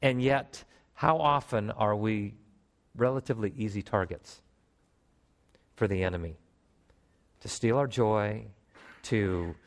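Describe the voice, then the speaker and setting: A man preaching a sermon to a congregation, animated, with emphatic rises and calls for response in a church. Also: fairly low pitch. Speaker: pastor.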